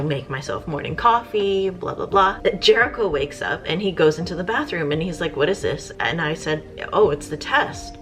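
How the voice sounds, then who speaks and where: Low-voiced woman vlogger chatting casually. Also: a bit bright. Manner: chatty, rambling with fillers. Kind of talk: casual chat.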